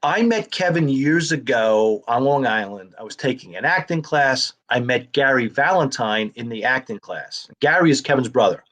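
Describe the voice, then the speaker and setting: A man's voice: medium pitch, lively intonation, moderate pace, few pauses, fairly bright tone. A middle-aged man, a comedian and actor, telling anecdotes in a casual interview and acting out the voices of others.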